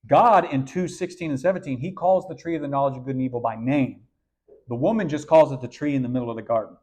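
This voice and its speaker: A man preaching an animated sermon to young people, often repeating words as he goes. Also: medium pitch, fast talker.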